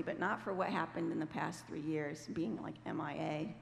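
A woman's voice: low-pitched, moderate pace, vocal fry. A woman giving a personal testimony at church in a conversational storytelling way, acting out the voices she quotes. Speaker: church speaker. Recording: echoey hall, faint noise.

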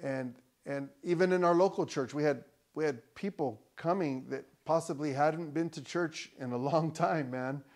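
Male pastor, slightly high voice, relaxed preaching that builds to loud emphatic lines. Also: moderate pace, hardly any pauses. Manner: conversational preaching, rising to loud emphatic peaks, joking asides. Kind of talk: sermon. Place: church.

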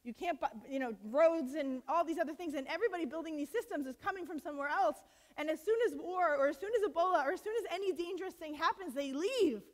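Brief: woman speaker, high pitch, impassioned storytelling, halting with fillers, long hall reverb. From United States. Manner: impassioned, many fillers and restarts, acts out quotes. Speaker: speaker at a college talk. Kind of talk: personal storytelling talk. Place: lecture hall.

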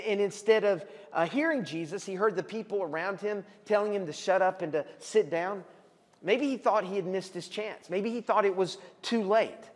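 A man, a pastor preaching a sermon and telling the story vividly, at times calling out loudly as the people in it. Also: high-pitched. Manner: animated storytelling, acts out shouting voices. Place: church hall. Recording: long hall reverb.

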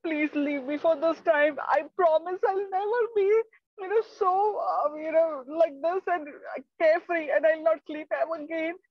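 Woman as frightened father lizard: high, squealing, tearful pleading; storybook read. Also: lively intonation, slow pace, no room sound. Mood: panicked pleading. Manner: pleading, squealing, near tears. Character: panicky trapped father lizard, male. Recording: dull lo-fi recording.

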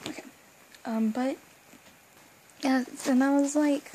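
A woman's voice: high-pitched, slow, pauses often, a little hiss or hum, rough recording. Gushing, rambling young woman fan. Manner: gushing, rambling, with bursts of excitement and asides. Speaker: fan vlogger. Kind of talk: excited casual fan chat.

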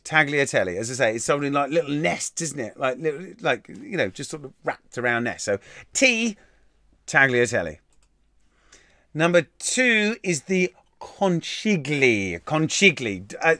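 A man's voice: a little high, bright, forceful tone, dry recording, clean studio sound. A man hosting a live-stream quiz, reading out answers in a chatty, sweary way and laughing at himself. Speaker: quiz host. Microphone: desk mic.

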